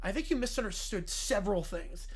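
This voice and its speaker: A woman's voice: mid-range voice, animated, fairly quick, husky, pitched below the performer's own voice. A woman doing a weary, firm arena staffer. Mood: stern.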